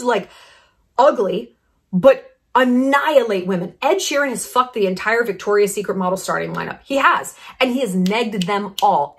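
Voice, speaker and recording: A woman hosting her own vlog, talking bluntly and profanely with strong opinions and lively asides. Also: mid-range voice. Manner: animated, drops into asides and mock quotes. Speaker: vlogger host. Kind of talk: casual commentary vlog.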